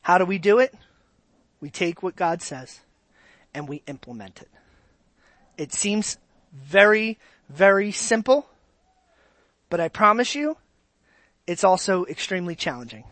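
A pastor with a mid-range voice preaches unhurriedly, leaving long pauses, and shifts animatedly between quiet asides and loud exclamations while putting questions to the congregation. There's no room sound.

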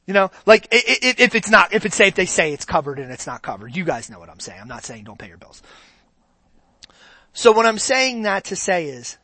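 An animated preacher delivering a sermon, with a bright, forceful voice that swings widely up and down in pitch. The delivery is conversational and hammers points home by repeating phrases. The sound is close and dry. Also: fairly quick, dry recording.

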